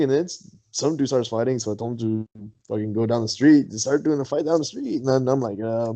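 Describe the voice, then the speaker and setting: Mellow-voiced man telling a party story. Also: medium pitch, fairly quick. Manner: swears a lot, laughs while telling stories. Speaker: podcast co-host. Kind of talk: casual storytelling. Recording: dull lo-fi sound.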